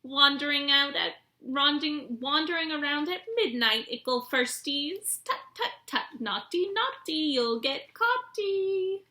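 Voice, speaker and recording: A woman's voice: high-pitched, animated, takes it slowly, hardly any pauses, sharp tone, voice pushed up, exaggerated voice. A woman voicing a mischievous male poltergeist who taunts in a sing-song voice. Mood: gleeful taunting.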